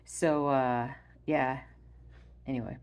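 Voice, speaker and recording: A woman with a notably low, deep voice chats casually to her stitching audience from home. She talks in a hesitant, rambling way, full of ums and uhs. Her voice often sinks to a soft murmur. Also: fairly even intonation, slow, clear, resonant tone. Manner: soft-spoken, drops to a murmur when addressing her dog. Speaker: stitching vlogger. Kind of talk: casual chat.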